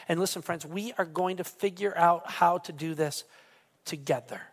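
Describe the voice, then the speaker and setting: Pastor, man, high-pitched, earnest, preaching, repetitive restarts. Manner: earnest, repeats words when fired up. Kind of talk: sermon.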